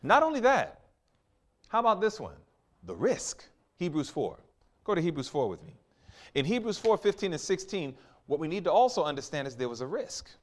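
A man preaching a sermon, questioning the congregation, reading scripture slowly and forcefully, and swinging between quiet asides and loud climaxes. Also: fairly high pitch, big pitch swings. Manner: questions the congregation and waits for replies.

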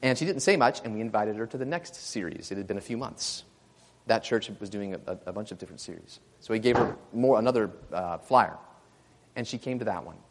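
Animated preacher man in an echoey hall. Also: lowish voice, brisk. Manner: animated, rising to loud exclamations. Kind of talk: sermon with storytelling.

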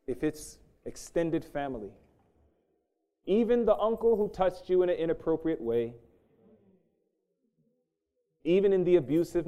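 A middle-aged man preaching a sermon, swinging from loud emphasis to hushed, intense storytelling. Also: mid-range voice.

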